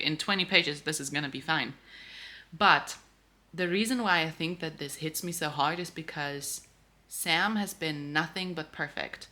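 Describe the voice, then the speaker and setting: A woman reacting to a romance novel in a casual book vlog, animated and outspoken, swearing freely. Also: fairly low pitch. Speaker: book vlogger.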